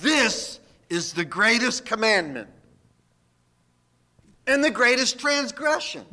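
A man's voice: extremely high pitch, big pitch swings, slow pace, long pauses, pushed and bright. A man, a pastor, preaching a sermon in a folksy, emphatic way with jokes.

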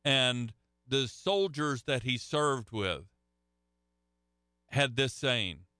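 Middle-aged guy preaching, folksy storyteller, lots of restarts, bright voice, dry close sound. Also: mid-range voice, lively intonation, very slow, smooth, dry recording. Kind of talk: sermon. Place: church hall with a live audience.

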